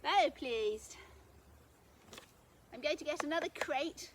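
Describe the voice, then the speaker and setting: A woman with a high, light voice chats cheerfully as she works outdoors, thinking aloud as she goes. Faint outdoor noise sits under her voice. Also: animated, slow pace. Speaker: gardening vlogger. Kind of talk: casual narration while digging. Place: garden outdoors.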